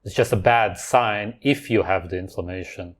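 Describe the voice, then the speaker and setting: A man's voice: low-pitched, normal speed. A man hosting a reaction video, talking over clips with scornful, sarcastic commentary.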